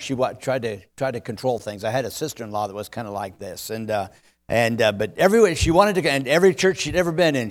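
A man preaching as a visiting speaker, joking and poking fun at himself as he stumbles over his words and grows louder and livelier. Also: medium pitch. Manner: jokey, self-deprecating, stumbling over words; growing louder and more animated as he goes. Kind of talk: sermon with humorous asides.

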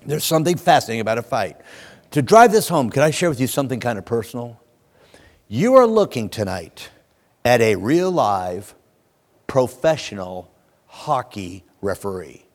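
A man's voice: mid-range voice, big pitch swings, normal speed. A man preaching a sermon in a church, telling stories in a folksy, plainspoken and emphatic way. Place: church sanctuary. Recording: long hall reverb.

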